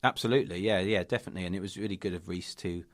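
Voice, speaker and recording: A man co-hosting a podcast in casual chat, earnest and hesitant, with many pauses and ums. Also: low voice, no room sound. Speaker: podcast co-host and children's author.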